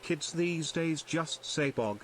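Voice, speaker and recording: Grumbling old man played by a man, very slow, pitch rising and falling a lot. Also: expressive, a loud crowd. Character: grumpy old man grumbling about kids.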